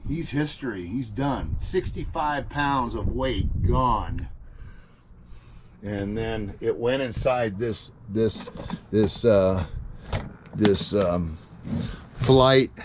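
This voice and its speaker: A man's voice: on the low side, extremely slow, long pauses. A middle-aged American man, a solo gigging musician, showing his gear in a casual, rambling vlog full of fillers and the odd swear word. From USA. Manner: rambling, swears freely, many fillers and restarts. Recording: noisy home video recording.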